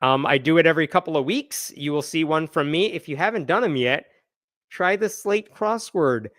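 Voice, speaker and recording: Man, live news host, sarcastic, exasperated, higher voice, dry close mic. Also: normal speed, a bit bright, no echo.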